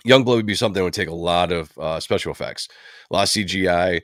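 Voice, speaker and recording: A man's voice: deep voice, fast, no room sound, clean studio sound. A man hosting a livestream, talking casually and at length, rambling with many fillers. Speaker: livestream host. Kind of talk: casual commentary on comic book films.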